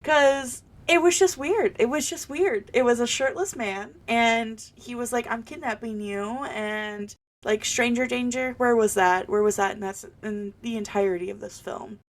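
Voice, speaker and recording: A woman's voice: fairly high pitch, moderate pace, few pauses. A young adult woman co-hosting a podcast in casual chat, giving blunt, candid opinions with a joking edge. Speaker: podcast co-host.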